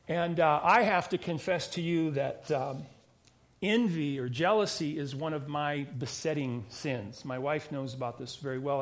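A man, a pastor, preaching a sermon in a conversational way, often restarting phrases and adding asides. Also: fairly high pitch. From United States.

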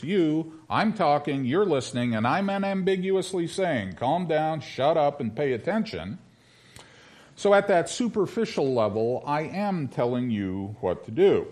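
A male pastor preaching a sermon, wry and conversational, slowing down to stress scripture phrases. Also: mid-range voice. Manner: lively, wry preaching with slow, emphatic scripture reading.

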